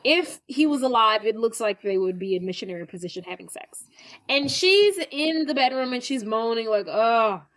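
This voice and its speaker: A woman podcast host casually recapping a film plot in a chatty, animated way, with filler words. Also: a little high, fairly quick, rough recording.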